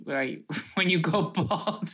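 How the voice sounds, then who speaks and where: A woman's voice: fairly low pitch, slow pace, fairly bright tone. A woman co-hosting a podcast, bantering with jokes and casual swearing. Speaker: podcast co-host. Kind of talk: casual chat.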